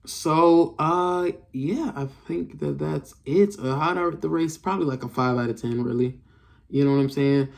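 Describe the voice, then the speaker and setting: A man's voice: a little high, normal speed, vocal fry. Young male reviewer, frustrated off-the-cuff rant full of slang and swearing. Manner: frustrated, slangy, profane, repeats himself. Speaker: race reviewer. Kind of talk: casual rant to camera.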